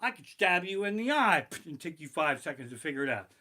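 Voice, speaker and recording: A man performing a profane stand-up comedy set, streamed live from his living room, breaking into shouted bursts of panic. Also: a little high, big pitch swings, brisk, slight background noise. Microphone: basic home streaming mic.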